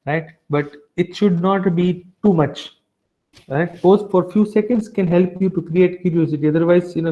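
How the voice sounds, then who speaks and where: A man's voice: fairly high pitch, mellow. A man giving a revision lecture to a class, chatty and full of tag questions and fillers. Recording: dull lo-fi sound.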